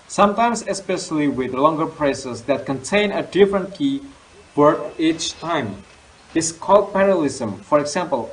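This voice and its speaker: A young man, a student teacher giving a lesson on poetry, reading definitions slowly with fillers and restarts. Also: medium pitch, a little hiss or hum, poor audio. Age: young adult. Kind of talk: classroom lesson explaining poetry.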